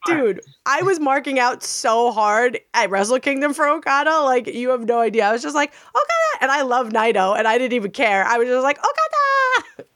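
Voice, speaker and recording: A woman's voice: on the high side, fairly quick, few pauses, fairly bright tone, dry recording, clean studio sound. A woman co-hosting a casual wrestling podcast, gushing and laughing often, swearing freely. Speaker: podcast co-host. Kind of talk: casual chat.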